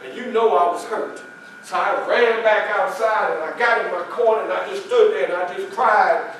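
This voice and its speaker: A man performing a first-person living-history monologue as a famous former slave, telling his life story to an audience, with loud excited quotes and quiet, grieving passages. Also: high-pitched, normal speed, slight background noise. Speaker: historical reenactor. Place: public library hall. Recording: distant voice in an echoey hall.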